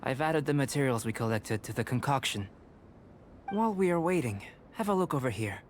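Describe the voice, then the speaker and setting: A man voicing a calm young male alchemist in a game, measured and lecturing. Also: medium pitch, slight background noise, lightly acted. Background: faint game music.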